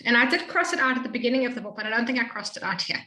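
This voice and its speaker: A woman tutoring a student in Hebrew reading, explaining patiently and slowly modeling each sound. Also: a little high, pushed and bright, reverberant, poor audio. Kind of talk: one-on-one reading lesson.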